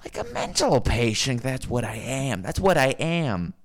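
A man's voice: medium pitch, sing-song, moderate pace. A man streaming alone, giving a rambling, profane, sardonic rant. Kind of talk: unscripted solo rant.

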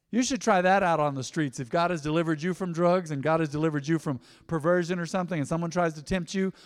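A male pastor preaching a sermon emphatically, swinging from loud peaks down to hushed lines. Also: sits high. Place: church sanctuary. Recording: long church reverb.

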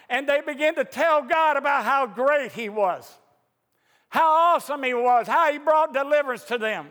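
A man's voice: very high voice, lively intonation, normal speed, fairly bright tone. A man preaching a sermon in a fervent, emphatic way, his voice rising into outbursts, in a church sanctuary. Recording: echoey church hall reverb.

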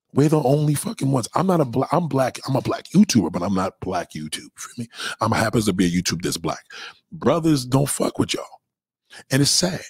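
Brief: low, husky male livestream host, heated and profane, dry close sound. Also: no room sound. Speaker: livestream host reading chat. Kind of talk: casual livestream rant.

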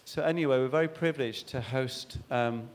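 A man hosting a church event, introducing the speakers with lots of ums and restarts. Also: medium pitch. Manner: rambling, halting, full of ums and restarts. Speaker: event host. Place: church hall.

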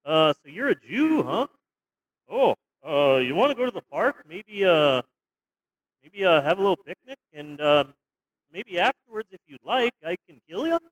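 A man's voice: high-pitched, very animated, normal speed, muffled recording. A man voicing a chummy, polite male Canadian figure in a put-on Canadian accent. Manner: chummy, offhand, mock-polite. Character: friendly male Canadian neo-Nazi, polite and folksy.

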